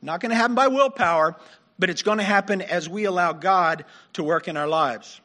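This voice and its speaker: High, bright-voiced male pastor preaching. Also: a little fast. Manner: conversational, self-deprecating, laughs while preaching. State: losing his voice. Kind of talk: sermon.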